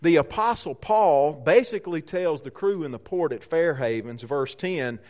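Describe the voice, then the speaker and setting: Sounding preacher, fairly high voice. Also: male voice, expressive, moderate pace, darkish tone. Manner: conversational, asks the congregation questions. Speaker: pastor. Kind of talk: sermon.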